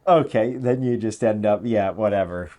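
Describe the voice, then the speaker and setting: A man's voice: fairly low pitch, normal speed. A man hosting a political commentary show, talking casually and sarcastically. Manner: sarcastic, animated, mocking voices.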